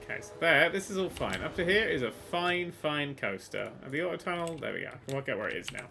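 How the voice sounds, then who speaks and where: A man giving casual let's-play commentary, excitable and sweary, swinging from quiet mutters to loud exclamations. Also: a little high, fast talker, creaky, background noise. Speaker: gaming YouTuber.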